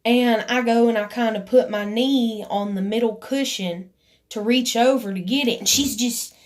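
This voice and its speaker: A woman's voice: on the high side, normal speed. A woman in her room at home, telling a heated personal story, swearing casually and acting out what was said. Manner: animated, riled up, swears casually, lots of "I was like" quoting. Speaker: vlogger.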